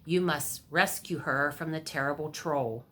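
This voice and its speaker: A woman voicing a scheming, pushy king in a storybook reading, talking brisk and excitable. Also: sits low.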